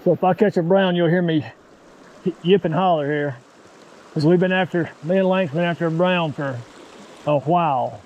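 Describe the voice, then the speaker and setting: Excitable high-voiced man outdoors. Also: moderate pace, long pauses, lo-fi sound, slight background noise. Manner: excitable, folksy exclamations. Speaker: fly fishing vlogger. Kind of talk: casual outdoor vlog narration. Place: outdoors by a mountain creek.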